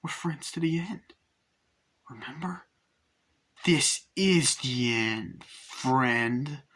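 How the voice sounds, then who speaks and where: A man voicing a vicious killer doll, pushing his voice high and strained as he snarls and chants. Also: slow pace, bright, forceful tone, breathy edge, exaggerated voice. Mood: menacing. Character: killer doll possessed by a male murderer, vicious.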